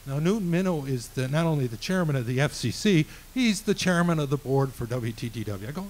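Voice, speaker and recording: A man telling a true story on stage, animated and acting out the dialogue. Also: on the high side, fairly quick, few pauses, low-quality recording. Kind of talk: live storytelling. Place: live venue stage.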